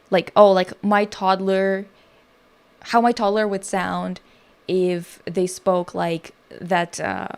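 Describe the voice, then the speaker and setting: Rambling, profane woman streamer. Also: medium pitch. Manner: rambling, profane, self-interrupting. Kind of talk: casual livestream commentary.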